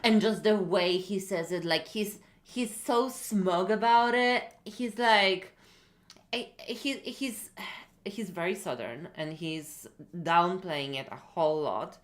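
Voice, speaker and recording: A woman's voice: fairly low pitch, slow pace. A woman gaming streamer chatting casually and reacting bluntly to what she is watching.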